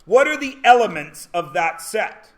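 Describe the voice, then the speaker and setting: A man teaching a math class, lecturing with loud jokes and rants that break into shouts. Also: sits high, big pitch swings, a little slow.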